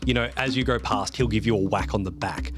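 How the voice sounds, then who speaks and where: A man's voice: fairly low pitch, fast talker. A man narrating a tabletop role-play game as game master, in vivid, descriptive narration.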